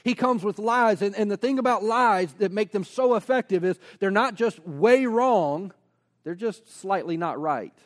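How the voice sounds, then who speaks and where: High-voiced man preaching a sermon. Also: a little slow. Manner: energetic preaching, rhetorical questions, casual asides. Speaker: pastor.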